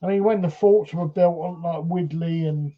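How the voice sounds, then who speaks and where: A man's voice: on the high side, fairly even intonation, moderate pace, mellow, dull audio. A man, a paranormal investigator retelling a story casually with lots of "he says" and quoted speech.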